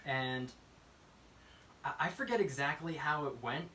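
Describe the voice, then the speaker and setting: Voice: medium pitch, measured pace, pushed and bright, recorded from a distance, a little hiss or hum, poor audio. A podcast co-host chatting casually, gossiping and acting out the voices of people in the stories. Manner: gossipy, acts out quoted voices. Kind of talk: casual chat.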